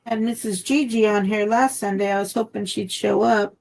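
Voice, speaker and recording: A woman's voice: steady tone, moderate pace, vocal fry, a little mellow, rough recording. A woman hosting a casual craft live stream from home, chatty and friendly. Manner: chatty, breaks into high baby talk with her dog. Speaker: craft channel host.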